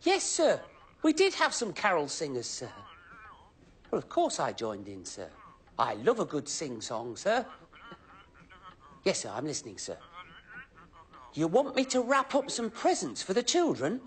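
A cheerful, eager-to-please station helper, chattering to himself as he potters about. His voice leaps around with lively, sing-song ups and downs. He stays very polite and scripted, in the manner of children's television. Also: on the high side, unhurried, pauses often, heavily acted. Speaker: children's show presenter.

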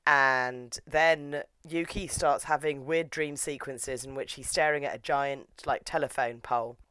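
A woman recapping a show in a chatty, sarcastic and animated way. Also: rumbling low, a little slow, clean tone, no room sound. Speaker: reviewer. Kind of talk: casual recap commentary.

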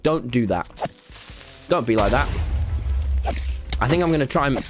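A young man streaming a game, talking to chat, swearing and bursting into yells. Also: mid-range voice, normal speed. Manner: excitable, swearing, yelling bursts. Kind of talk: gaming livestream commentary. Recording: game music behind the voice.

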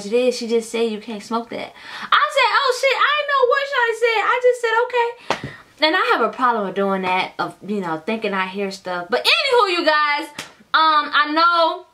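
High, bright-voiced woman telling a profane storytime. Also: slight background noise. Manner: animated, profane storytelling, addresses viewers as y'all. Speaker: vlogger. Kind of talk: casual storytime vlog.

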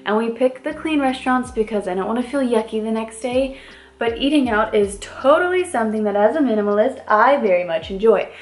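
A woman's voice: a little high, animated, a little fast. A woman in her thirties from the American Midwest, chatting casually to camera as a lifestyle vlogger in an upbeat way, with lots of "like" fillers. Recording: roomy echo with faint music.

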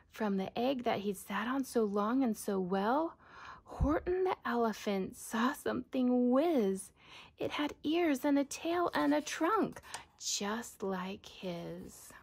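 A woman reading a rhyming children's storybook aloud in a sing-song way, often dropping to a soft whisper. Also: medium pitch, gravelly, breathy edge.

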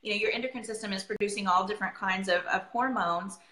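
Bright-voiced chatty woman in her forties. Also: mid-range voice, quick pace, roomy sound, rough recording. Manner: chatty, rambling, laughs often. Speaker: essential oils presenter. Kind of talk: casual chat.

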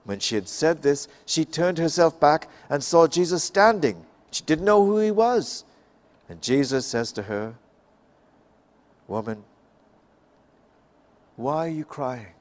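Male Bible class speaker from Canada, slightly high, emphatic teaching delivery. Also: sing-song. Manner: slow, emphatic, rising and falling for effect. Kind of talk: expository Bible talk.

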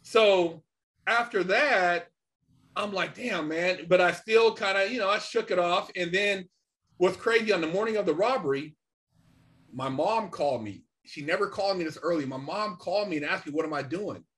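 A man's voice: sits high, normal speed, a bit bright. A man, a podcast guest, telling a story in a casual, slangy way, full of "man" and "you know".

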